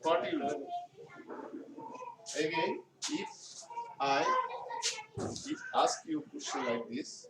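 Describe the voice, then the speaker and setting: A male teacher with a Bangladeshi English accent giving a classroom grammar lesson, speaking slowly and repeating his phrases. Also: fairly high pitch, huge pitch swings. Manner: slow, repetitive explaining, often restating phrases. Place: school classroom. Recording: echoey room, far mic, noisy background.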